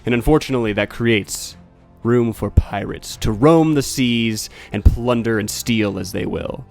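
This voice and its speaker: A man's voice: mid-range voice, unhurried, vocal fry, darkish tone, soft background music. A man narrating as game master for a tabletop game, rambling and correcting himself with lots of fillers.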